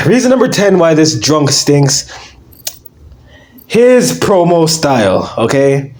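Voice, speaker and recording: A young man ranting to camera with a lively, swooping voice that jumps up and down as he goes. His manner is brash and profane, and he drifts into mocking asides and filler words. The talk is casual and fired straight at the viewer. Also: a little high. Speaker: wrestling commentary YouTuber.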